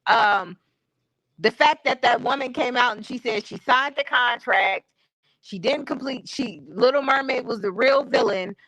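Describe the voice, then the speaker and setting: A woman host chats casually on her stream, speaking frankly with slangy everyday phrasing. Her voice sits a touch high and sounds bright. The recording is close and dry. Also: a little slow, no room sound, rough recording. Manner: candid and opinionated, with slangy talk. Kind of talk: casual chat. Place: home streaming setup.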